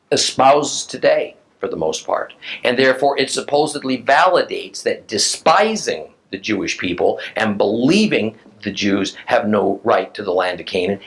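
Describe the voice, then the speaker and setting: Animated male Bible teacher. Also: medium pitch, poor audio. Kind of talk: recorded Bible class lecture.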